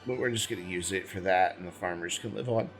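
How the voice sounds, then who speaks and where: A man's voice: low voice, quick pace, music in the background. A man hosting a gaming channel, giving casual let's-play commentary as he plays, thinking aloud, rambling and correcting himself, with the hiccups.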